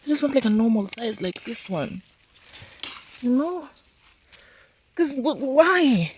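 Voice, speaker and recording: Speaking slowly in a higher-pitched voice over a faint hiss or hum, a young woman shows off her outdoor vegetable garden on a relaxed farm-tour vlog. She exclaims animatedly over her plants and keeps calling to her dogs, sometimes scolding them, sometimes cooing.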